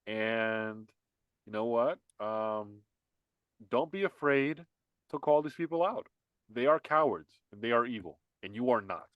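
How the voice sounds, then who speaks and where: A man's voice: mid-range voice, expressive, measured pace, dry recording, highs cut off. Heated, emphatic male podcast host. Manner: heated, emphatic, repeats himself with many restarts. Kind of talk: casual political podcast chat.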